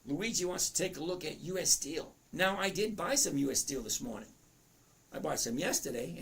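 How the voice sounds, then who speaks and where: A man's voice: fairly high pitch, a little hiss or hum. A man in his fifties with a cracking voice, chatting through a live trading lesson and reading viewer comments aloud. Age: 50s. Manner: chatty, reads comments aloud, self-interrupting. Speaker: trading educator.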